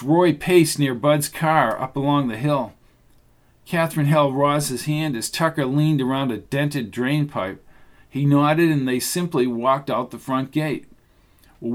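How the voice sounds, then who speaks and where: A man narrating an audiobook thriller in a steady, even delivery. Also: fairly high pitch. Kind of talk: scripted narration.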